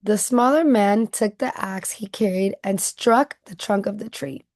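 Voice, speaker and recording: A woman teacher reading a picture book aloud to children and stopping often to ask them gentle questions. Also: medium pitch, measured pace, no echo, studio quality. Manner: gentle questioning, checking in with listeners.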